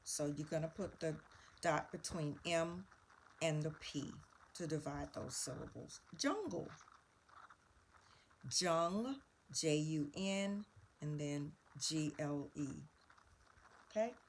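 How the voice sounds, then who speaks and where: A woman's voice: sits low, slow, a little mellow, slight background noise. A woman teaching a spelling lesson, patiently spelling words out letter by letter and walking through each answer.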